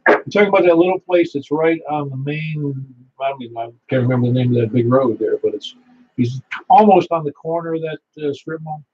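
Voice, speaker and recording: A man leads a friendly amateur radio net, swapping stories and laughing easily. His voice sits a little high and sounds husky. It comes through a dull, lo-fi radio signal. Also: fairly quick. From Niagara Falls, New York. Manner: chatty, storytelling, laughs easily. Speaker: net control operator. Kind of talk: ham radio net chat. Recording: muffled lo-fi radio audio.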